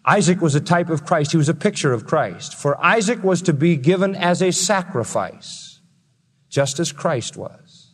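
A man's voice: fairly high pitch, lively intonation. Emphatic preacher man in a reverberant hall. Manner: emphatic, rising to loud peaks, slowing for stress. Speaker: pastor. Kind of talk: sermon. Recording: long reverb of a large hall.

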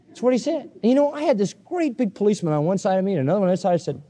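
Brief: male preacher, high-pitched, animated and emphatic, chatty sermon delivery. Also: racing, slight background noise. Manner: animated, emphatic, conversational storytelling. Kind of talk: expository sermon.

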